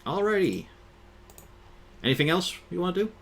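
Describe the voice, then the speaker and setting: A man's voice: high voice, big pitch swings, moderate pace, a bit bright, slight background noise. A man narrating and refereeing a tabletop game in a casual, joking way. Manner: casual, swearing, laughing between calls. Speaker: dungeon master.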